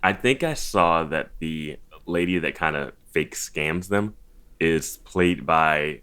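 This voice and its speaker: A man's voice: very deep voice, takes it slowly, clear, resonant tone. A man guest-hosting a podcast, chatting casually and acting out quotes. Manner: relaxed, acts out quotes. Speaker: guest co-host. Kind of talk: casual chat.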